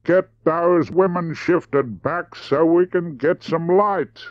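Man playing a young Australian truck driver, calm and slow-drawling, with a lively rise and fall, dry and a bit dull. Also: fairly low pitch, no room sound, pitched above the performer's own voice. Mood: puzzled.

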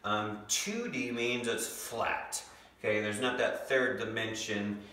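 A young man teaching a second grade lesson from home, patiently sounding out words slowly. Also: lowish voice, steady tone, sharp tone. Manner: patient, slow, stretches out words to sound them. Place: home room. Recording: echoey room, mic far off.

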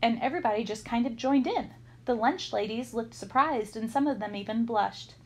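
A woman reading a children's chapter book aloud, telling the story in a lively, expressive way. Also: a little high, normal speed, slightly rough, poor audio. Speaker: storybook reader.

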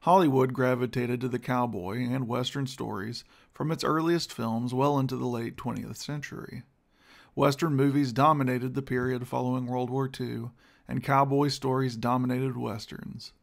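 A man delivering a scripted history lecture in a measured, rhetorical way, posing questions to his listeners. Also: medium pitch, fairly even intonation, vocal fry. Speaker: speaker giving a history talk.

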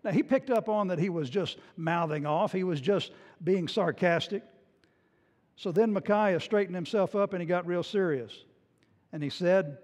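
A man preaching a sermon, retelling a scripture story in a lively storytelling way and sometimes acting out its scenes. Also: sits high, normal speed. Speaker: pastor. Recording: long hall reverb.

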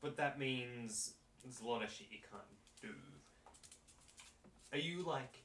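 A man's voice: medium pitch, measured pace, fairly bright tone. A young man in casual chat who drily picks apart the details of each question. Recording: echoey room, distant from mic, faint noise.

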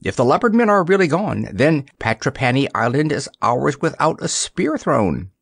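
A man's voice: mid-range voice, big pitch swings, moderate pace, creaky, husky, no echo, pitched above the performer's own voice, full character voice. A man voicing an eager, helpful male bird aboard a ship in a storybook. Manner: eager and inquiring.

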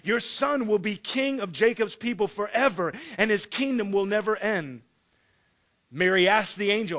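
A man preaching a sermon, animated and joking, acting out the story in voices. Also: high-pitched, moderate pace. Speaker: pastor.

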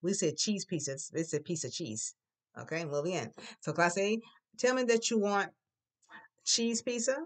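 Classroom teacher, patient drill voice, models words loudly for repetition. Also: medium pitch, unhurried. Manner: patient, coaxing prompts. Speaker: Spanish teacher.

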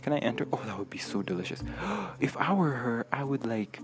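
A young gamer streamer speaks in a mid-range, sing-song voice at a fairly quick pace over music. His let's play commentary is nervous and jumpy, full of gasps and laughs as he talks to himself.

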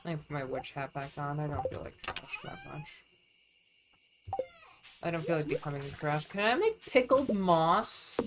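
A low-pitched woman talks her way through a farming game on stream, casual and a little foul-mouthed. She sounds down and out of sorts, and a steady hiss of noise runs under her voice. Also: moderate pace, long pauses. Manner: chatty, swears casually, talks to chat. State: low, upset mood. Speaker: vtuber streamer. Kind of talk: casual gameplay chat.

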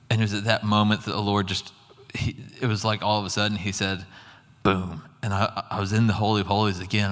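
A man's voice: on the low side, flat delivery, brisk, a bit bright, in a large hall. A man giving a sermon that tells a personal story, earnest and acting out his own reactions as he goes. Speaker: guest preacher. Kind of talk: sermon testimony.

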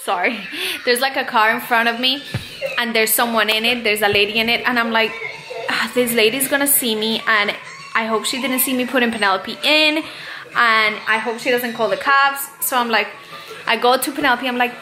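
A young woman vlogging to camera, telling a story casually and with animated emphasis. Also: fairly high pitch, moderate pace, echoey room, soft background music. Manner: animated, emphatic retelling with quoted inner panic. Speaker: mom vlogger.

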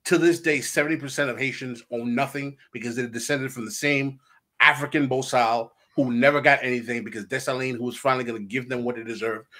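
A man, a guest author on a podcast, telling history in an animated way and acting out the quotes. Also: medium pitch. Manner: animated storyteller who acts out quotes. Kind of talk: podcast conversation.

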